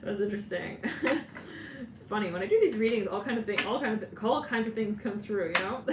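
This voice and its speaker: A woman's voice: medium pitch, expressive, fairly quick. A woman giving a channeled tarot reading who rambles and breaks into frequent giggles. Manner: giggly, rambling, laughs often. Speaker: tarot reader. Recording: roomy, distant mic with clear background noise.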